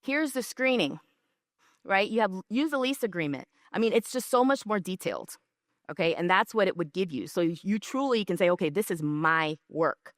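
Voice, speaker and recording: A woman's voice: medium pitch, big pitch swings, fairly quick, dry recording, clean studio sound. A woman giving a conversational business presentation, telling stories and often checking in with the audience with "right?" and "okay?". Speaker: speaker at a business session.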